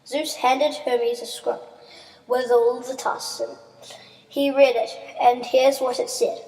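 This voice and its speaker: A woman with a high voice reads a story aloud in plain narration. The room is echoey and reverberant, with a long tail. Her reading stays steady from line to line. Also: slow. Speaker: story reader.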